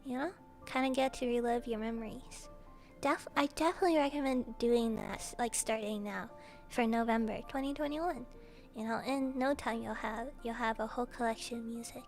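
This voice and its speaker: Giggly high-voiced woman streamer. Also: normal speed, soft background music. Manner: giggly and playful, laughs often between lines; joking, self-mocking princess bits. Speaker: streamer answering viewer questions. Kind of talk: casual Q&A chat.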